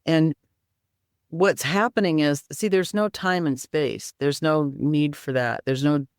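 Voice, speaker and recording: Being interviewed, a woman describes healing practices and guides the listener through easy exercises step by step. Her low voice is smooth and unhurried, captured cleanly in the studio without echo.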